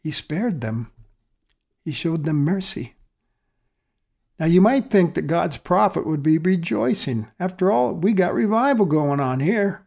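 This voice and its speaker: A man's voice: a little high, lively intonation, a little slow, creaky. Earnest male pastor preaching a sermon. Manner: earnest, with swings between loud emphasis and soft, quiet phrases.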